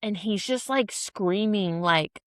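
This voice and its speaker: A woman in her thirties, co-hosting a podcast and telling a story in a loose, animated way, with frank language and acted-out quotes. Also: mid-range voice, slow pace, no room sound, clean studio sound. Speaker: podcast co-host. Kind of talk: casual chat.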